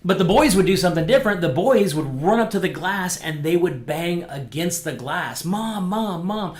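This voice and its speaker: A man's voice: a little high, moderate pace, roomy sound. A man, a pastor, leading a casual small-group Bible lesson for online viewers, talking conversationally and acting out quotes. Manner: animated, acts out quotes, conversational fillers. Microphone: microphone, streamed to viewers.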